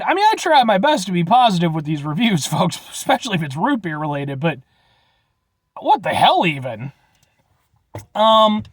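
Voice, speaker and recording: Blunt, rambling man with a lively voice. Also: high-pitched, no echo. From Illinois, USA. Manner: rambling, blunt, swears casually, hesitant restarts. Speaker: vlogger reviewing root beer. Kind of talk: casual review monologue.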